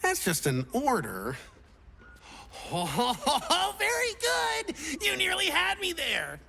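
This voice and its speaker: A woman's voice: extremely high pitch, wildly swooping pitch, slow, gravelly, bright, forceful tone, a little hiss or hum, exaggerated voice. A woman voicing a bubbly, silly young adventurer in a video game who keeps trying out new classes and talks in a playful, theatrical, teasing way.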